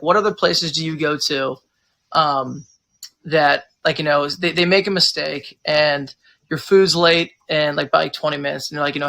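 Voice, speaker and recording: Gravelly bright-voiced American man. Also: fairly high pitch. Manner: rambling, animated, acts out customers. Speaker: pub owner and manager. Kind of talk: casual interview chat.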